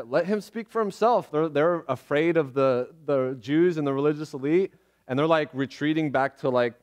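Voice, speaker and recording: A man preaching a sermon as pastor in a church, talking in a casual, animated way with laughs and restarts. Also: medium pitch. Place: church sanctuary.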